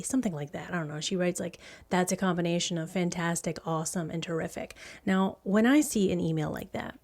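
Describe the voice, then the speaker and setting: A woman's voice: fairly low pitch, brisk, hardly any pauses, a little mellow. Brief: middle-aged woman host, casual true-crime storytelling, blunt and outspoken. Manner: blunt, indignant, swears freely. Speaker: podcast host.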